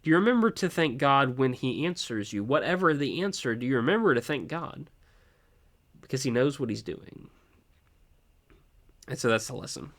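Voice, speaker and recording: A man in the middle range of pitch, delivering a sermon. He puts question after question to the listeners and slows down to stress key lines. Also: sing-song, a bit bright. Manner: asks the listeners many questions, slowing down for emphasis. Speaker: preacher.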